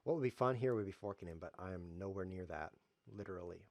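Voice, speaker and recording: A man with a low, darkish voice talks fast while casually commenting on his own chess game on a live stream. He jokes, mocks himself, and drifts into playful tangents. There's no room sound.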